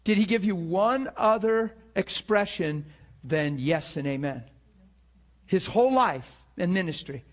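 A man preaching with fervor, his voice sitting a little high for a man. He acts out scripture scenes in voices and laughs often, sometimes close to tears. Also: lively intonation, unhurried. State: near tears at times. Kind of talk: sermon.

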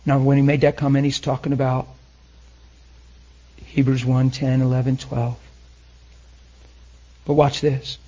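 A man preaching a sermon, emotional, swinging between loud and hushed. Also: mid-range voice, level tone, a little slow, pauses often, highs cut off.

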